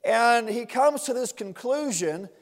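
A man preaching an impassioned sermon to a responding congregation, repeating words in rhythmic bursts that build to shouts. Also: very high voice, lively intonation, a little slow. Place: church sanctuary with long reverb. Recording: reverberant church hall.

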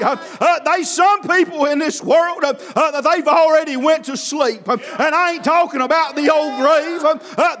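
A man preaching a sermon with fervor, often shouting and filling his pauses with constant "uh, uh". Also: very high-pitched. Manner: fervent, often shouting, with constant "uh, uh" between phrases.

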